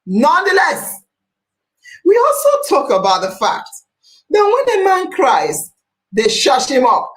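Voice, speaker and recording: Impassioned female podcast host, fairly high voice, unhurried and emphatic. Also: wildly swooping pitch, low-quality recording. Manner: emphatic, preachy, repeats phrases, rises to near-shouts.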